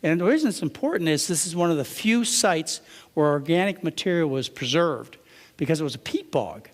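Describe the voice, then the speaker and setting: A man's voice: fairly high pitch, animated, fairly quick, big-room sound. A man giving a conversational lecture to a live audience, often asking them rhetorical questions.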